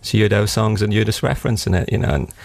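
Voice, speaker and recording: A man's voice: fairly low pitch, fast talker, gravelly, a little mellow, no room sound. A man from Wales talking as a musician guest on a radio show, laid-back and earnest, often laughing. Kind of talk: casual radio interview chat. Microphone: studio microphone.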